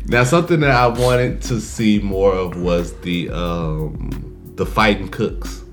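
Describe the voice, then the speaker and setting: A man's voice: sits low, slow, over music. A man talking casually as a co-host, blunt and swearing freely. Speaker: podcast co-host. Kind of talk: casual chat.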